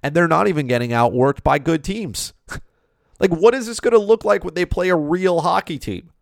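Man, sports-talk ranter, gravelly voice, dry close mic, emphatic and repetitive. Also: on the high side, lively intonation, normal speed, no echo. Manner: emphatic, repeats points, rhetorical questions. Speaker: hockey commentator. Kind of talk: opinionated sports talk monologue.

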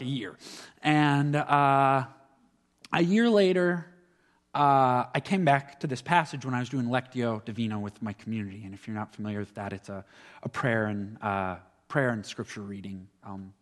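A man's voice: mid-range voice, normal speed. A young man, a student, giving an earnest, reflective personal testimony and often stumbling over his words. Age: young adult. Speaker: student speaker sharing faith. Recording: long reverb of a hall.

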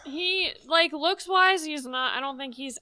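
A woman's voice: high voice, unhurried, bright, forceful tone, no room sound. A woman joining a casual podcast chat with short remarks.

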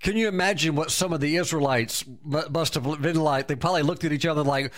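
A man delivers a sermon in a slightly higher-than-average voice. He is emphatic and often repeats or restarts his words. He breaks into exclamations of praise between his points. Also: fast, few pauses, fairly bright tone. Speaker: preacher.

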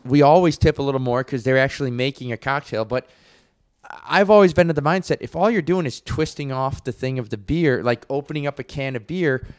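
Casting: man, mid-pitch, rambling barroom storyteller on a podcast, dry close mic. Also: dry recording. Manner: rambling storyteller, many restarts. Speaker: podcast co-host. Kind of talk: casual chat.

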